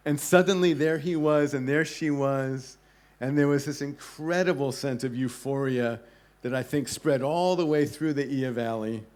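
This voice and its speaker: A man at a club event recounts a travel story to an audience. He tells it with animation, acting out the people he met. His voice sits at an ordinary middle pitch. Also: moderate pace, a little mellow. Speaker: travel writer giving a talk. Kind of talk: storytelling talk to a live audience.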